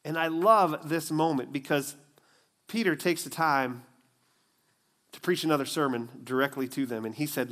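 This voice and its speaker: A male pastor preaching a sermon, telling a story in a lively way and acting out its scenes. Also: a little high, moderate pace, pauses often. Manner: animated storytelling, acts out the scenes.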